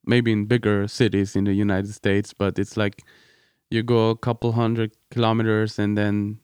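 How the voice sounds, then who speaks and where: European man, non-native English, smooth resonant voice, dry close sound, hesitant guest. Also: on the low side, a little mellow, no echo. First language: not English. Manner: hesitant, searching for words. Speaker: podcast guest. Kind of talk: casual conversation.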